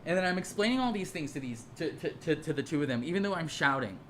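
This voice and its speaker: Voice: mid-range voice, lively intonation, quick pace, slight background noise. A speaker telling a personal story in a casual monologue, heated and profane, rambling with frequent repeats and restarts.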